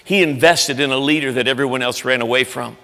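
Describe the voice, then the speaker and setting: A man pastor preaching a sermon in a church, earnest and emphatic, sometimes dropping soft. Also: medium pitch, quick pace. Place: large church sanctuary. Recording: echoey church hall.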